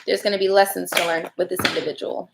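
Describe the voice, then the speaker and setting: A woman's voice: fairly low pitch, level tone, fast talker, creaky, heavy background noise. A woman giving casual live tarot readings, chatty and laughing often as she talks to viewers. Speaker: tarot reader.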